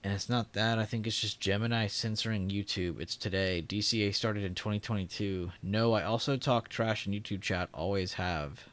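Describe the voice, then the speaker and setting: A young trading livestream host speaks at normal speed with few pauses, his voice on the low side, a bit bright, with fairly even intonation. He chats casually, reads viewers' comments, and laughs a lot.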